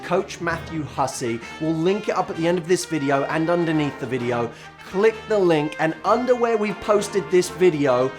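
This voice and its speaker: Theatrical man hosting a vlog. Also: sits high. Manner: animated, theatrical storytelling. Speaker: host and coach. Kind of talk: scripted vlog monologue.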